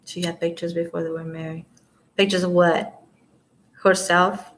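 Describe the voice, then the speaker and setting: Through a camera mic in a low-quality recording, a woman alone at home at night offers rambling, casual live-stream commentary, talking to her viewers and trailing off softly. Her voice is on the low side with little pitch movement, at normal speed.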